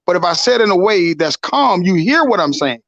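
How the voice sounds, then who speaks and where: A man in a casual podcast conversation, calmly explaining and affirming others. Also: sits high, fairly quick, dull audio. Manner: calm, explanatory, affirming with "right" and "real".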